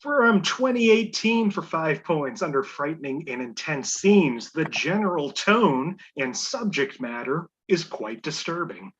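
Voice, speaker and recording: Host: a man with a husky, lively voice, muffled lo-fi call sound. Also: on the high side, a little slow, hardly any pauses. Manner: laughs easily, reads clues aloud. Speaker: game show host. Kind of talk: hosting a trivia game.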